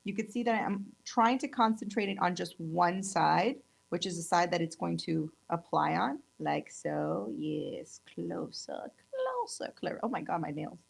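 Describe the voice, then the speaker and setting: A woman's voice: lowish voice, moderate pace, creaky, few pauses, breathy edge, poor audio. A woman in her thirties from California, chatting upbeat through a casual nail tutorial demo. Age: 30s. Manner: chatty and upbeat, gushes over colors. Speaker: nail tech instructor.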